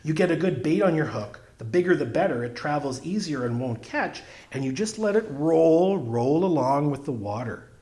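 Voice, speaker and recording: A man's voice: fairly high pitch, lively intonation, moderate pace, hardly any pauses, dark tone, close to an everyday voice. A man doing a chatty old-time trout fisherman. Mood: enthusiastic. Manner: eager, confiding, explains in detail.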